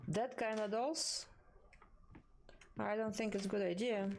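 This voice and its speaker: A woman comments on a horror game at a leisurely pace, chatting to the characters and her audience. Her tone is bemused and conversational. A steady wash of game ambience sits clearly behind her voice. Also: mid-range voice, unhurried, a little hiss or hum. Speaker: gaming streamer.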